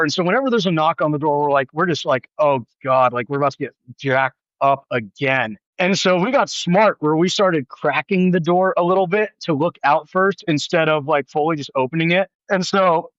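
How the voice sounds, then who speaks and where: A man guest on a podcast, telling a story in casual, animated talk full of "like" and "dude". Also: fairly high pitch, no echo, lo-fi sound.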